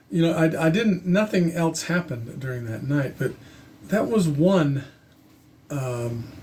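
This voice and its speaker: A man telling his own story to camera in a casual, halting, earnest way, with frequent restarts. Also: mid-range voice, darkish tone, slight background noise. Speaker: channel host telling a personal story.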